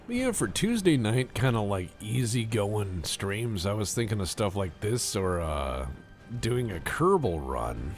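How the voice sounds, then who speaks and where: A low-pitched man talks through a strategy game on a live stream, his voice rising and falling a lot as he jokes and rambles. Faint music plays under his casual commentary. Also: very animated, a little slow. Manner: playful, rambling, jokey asides.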